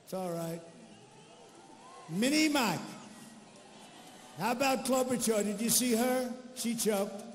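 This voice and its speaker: An older man speaking at a campaign rally in a high, strained register. He boasts, repeats short phrases, and drifts into off-the-cuff asides. His voice rings through a big echoing arena over a faint crowd murmur. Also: slow, long pauses, a little hiss or hum. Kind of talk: political rally speech.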